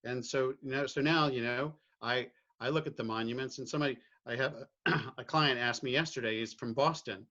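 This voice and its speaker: A man's voice: mid-range voice, a little fast, few pauses, sharp tone, dull audio. Reflective middle-aged man, from Virginia. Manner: reflective, with frequent restarts and "right?" tags. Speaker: guest. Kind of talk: candid personal conversation.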